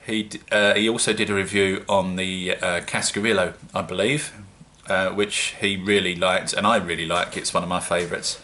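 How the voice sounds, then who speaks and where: A man with a British accent talks to his viewers in a loose, rambling vlog. His voice sits low yet comes across bright and forward, and he pokes fun at himself as he chats. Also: steady tone, moderate pace. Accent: British English. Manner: chatty, rambling, self-mocking. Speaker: home-brewing vlogger. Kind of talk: casual solo vlog.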